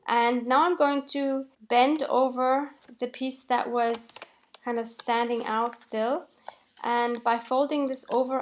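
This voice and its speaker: A woman calmly narrating a voiceover for her crafting video, explaining each step with light laughs. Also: on the high side, a little hiss or hum. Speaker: craft channel host.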